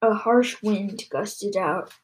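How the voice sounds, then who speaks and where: A woman reading a children's novel aloud, telling the story in an expressive way. Her voice sits at an ordinary middle pitch. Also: slow, low-quality recording. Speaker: narrator.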